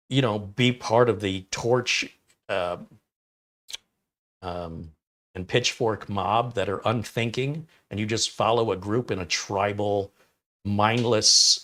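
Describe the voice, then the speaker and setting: A man's voice: lowish voice, fairly bright tone. A man hosting a casual tech livestream, rambling and opinionated as he reads chat comments aloud and reacts to them. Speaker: livestream host reviewing mini PCs.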